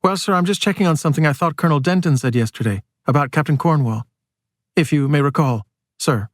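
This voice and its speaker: A brisk woman federal agent presses her questions quickly, courteous on the surface and sharp underneath, as a male audiobook reader puts her on. Her lines sit a little above his reading voice and come fast, with a close, dry sound. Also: fairly high pitch, dry recording, voice pushed up, lightly acted. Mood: pointed. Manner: fast, clipped, sharply polite, full of sirs.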